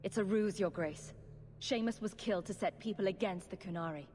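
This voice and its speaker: An actress playing a blunt, stern guard captain in a video game, speaking firmly and matter-of-factly. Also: female voice, mid-range voice, a little fast, a little mellow, close to an everyday voice. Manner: blunt, firm, matter-of-fact. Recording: long reverb with faint noise.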